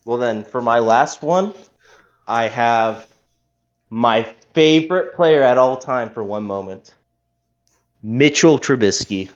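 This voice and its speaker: A man's voice: mid-range voice, slow pace, long pauses, lo-fi sound. A man from the Midwest of the US, co-hosting a casual podcast over a call, joking and rambling as he teases the other speaker. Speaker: podcast co-host. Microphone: remote call.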